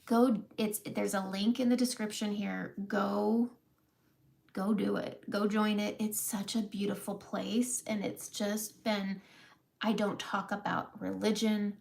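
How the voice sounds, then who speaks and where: Tearful woman with a gravelly voice. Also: mid-range voice. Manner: emotional, tearful, laughing through tears. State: close to crying. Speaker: makeup seller and vlogger. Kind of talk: live makeup vlog, candid talk.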